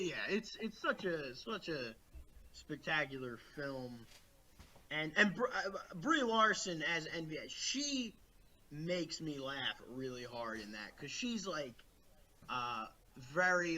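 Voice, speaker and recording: This podcast co-host is a man with a slightly high, bright voice and a forceful tone. He chats loosely about movies on a remote call, wandering through his points with plenty of fillers and restarts, and the audio quality is poor.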